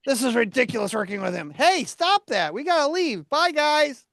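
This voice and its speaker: A man's voice: extremely high pitch, sing-song, normal speed, creaky, fairly bright tone, dry recording, clean studio sound. A man from an improv act signing off with playful mock complaints.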